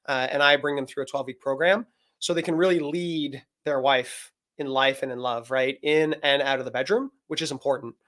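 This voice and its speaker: A man's voice: medium pitch, steady tone, a little fast, fairly bright tone. A man, a men's coach and guest, explaining earnestly in a live video-call interview and acting out bits of dialogue.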